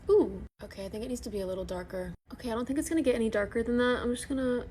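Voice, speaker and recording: A woman's voice: on the high side, racing, mellow, slight background noise. A woman with a slightly sick voice chatting through a makeup tutorial as she works. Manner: chatty, self-narrating while working. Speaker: makeup vlogger.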